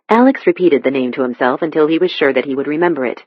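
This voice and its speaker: Steady audiobook narrator, dull dry sound. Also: medium pitch, quick pace, few pauses, dry recording. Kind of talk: scripted narration.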